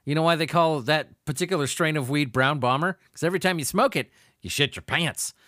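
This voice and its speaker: A man's voice: fairly high pitch, a little fast, bright, forceful tone, no room sound, clean studio sound. A man hosting a podcast, reading crime news aloud and ranting about it in a crude, laughing, profane way. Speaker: podcast host. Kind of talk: profane comedic news commentary.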